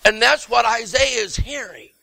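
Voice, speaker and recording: A middle-aged man preaching a fervent sermon, breaking into shouts of repeated words and folksy asides to the congregation. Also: very high voice, normal speed, gravelly, no echo, rough recording.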